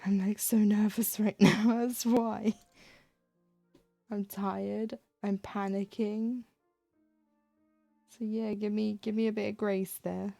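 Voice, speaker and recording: A woman's voice: medium pitch, flat delivery, slow, vocal fry, long pauses, dark tone, no echo, faint music behind. A woman chatting casually on a live stream while she stitches, acting out little quoted exchanges with a self-deprecating humor.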